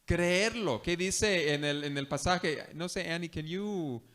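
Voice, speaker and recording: A man, a missionary preacher, giving an animated sermon that switches between two languages in a church. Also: a little high, measured pace. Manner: animated storytelling. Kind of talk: bilingual sermon.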